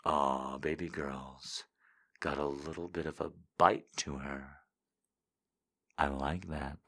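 A man putting on a low, soft, seductive voice as a dominant lover, reading short lines slowly in a near-murmur. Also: steady tone, full character voice. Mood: sultry. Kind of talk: reading viewer quotes in a put-on voice.

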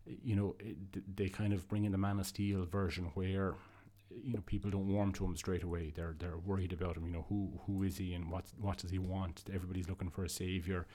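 A man's voice: low voice, little pitch movement, fairly quick, hardly any pauses, warm tone. A man giving a casual, enthusiastic comic book review, rambling and restarting his sentences. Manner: rambling, with frequent restarts and fillers. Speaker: podcast host reviewing comics.

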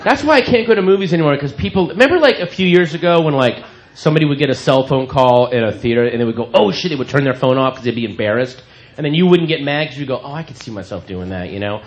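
A stand-up comedian on a club stage, loudly and profanely mocking audience members who kept talking. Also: male voice, fairly high pitch, lively intonation, quick pace. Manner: incredulous, mocking, profane, loud. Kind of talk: stand-up set, confronting hecklers. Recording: live club recording with crowd noise. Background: audience laughter and club noise.

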